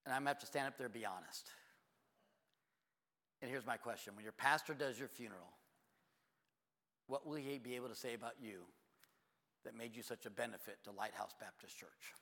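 A man preaching a sermon as a pastor, telling stories in an animated way and jumping to loud, high exclamations. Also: a little fast, pauses often, in a large hall.

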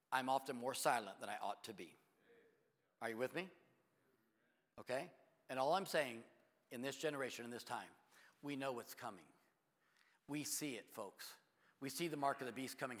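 A middle-aged man preaching a sermon as pastor, shifting between quiet confiding talk and loud, urgent preaching. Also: mid-range voice, fairly quick, long pauses, big-room sound.

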